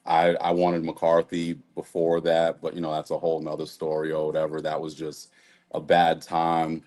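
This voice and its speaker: A man's voice: very deep voice, monotone, normal speed, darkish tone. A man calling in to a sports talk show, chatting in a laid-back, easygoing way. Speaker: caller. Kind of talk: casual chat.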